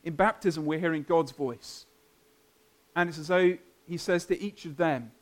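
A man preaching a sermon, earnest and emphatic, building up and then softening to a quiet close. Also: on the high side, unhurried. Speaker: pastor.

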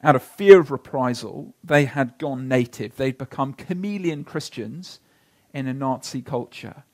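A pastor preaching a sermon, telling stories earnestly and slowing down to read scripture. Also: male voice, medium pitch.

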